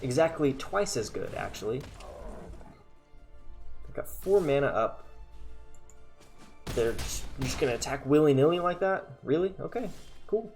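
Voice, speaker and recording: A man's voice: mid-range voice, lively intonation, measured pace, vocal fry, pauses often, a little mellow, soft background music. Chatty man thinking aloud over a card game. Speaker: gaming content creator. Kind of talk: casual card game commentary.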